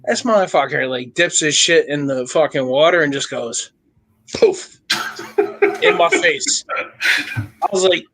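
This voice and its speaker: A man's voice: fairly high pitch, expressive, moderate pace, a little hiss or hum. A young adult man co-hosting a podcast, telling crude, profane stories in casual banter and laughing often. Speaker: podcast co-host.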